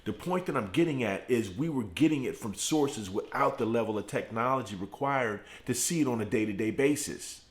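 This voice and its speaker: A middle-aged man hosting a motivational morning live stream from his home garage, preaching with fired-up repetition while deliberately keeping his voice turned down. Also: expressive. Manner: fired-up preaching with repeated phrases, speaking in a deliberately lowered voice. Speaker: host of a morning motivational show.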